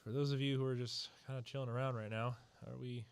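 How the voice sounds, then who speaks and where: A man's voice: mid-range voice, flat delivery, quick pace, creaky, clean tone, dry recording. A man hosting a stream with casual, live fan play-by-play on a headset mic at home. He is out of breath and sighs between plays. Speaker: stream host.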